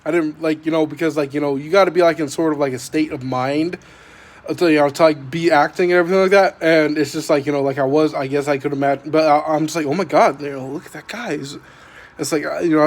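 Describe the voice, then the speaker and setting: A man's voice: fairly high pitch, fairly even intonation, fast talker. A man talking casually in a vlog, rambling and meandering with constant filler words. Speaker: vlogger. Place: parked vehicle at night, microwave nearby.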